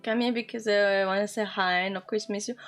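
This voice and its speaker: A woman's voice: mid-range voice, fairly even intonation, a little fast, faint music behind. A young woman streamer chatting playfully and casually while teaching Japanese words, swearing now and then. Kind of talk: casual live-stream chat.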